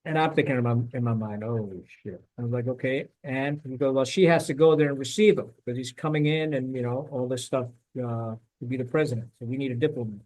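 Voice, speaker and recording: A middle-aged man and former Marine telling a war story in a casual podcast chat, animated, swearing now and then and acting out what people said. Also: mid-range voice, quick pace, hardly any pauses, low-quality recording.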